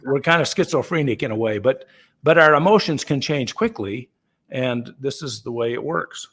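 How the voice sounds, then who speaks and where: On a conversational call, a man with a mid-range, slightly bright voice speaks at a normal speed, answering questions as a company founder. He's easygoing and chatty, full of fillers and restarts, and he voices the people in his everyday examples as if acting out their dialogue.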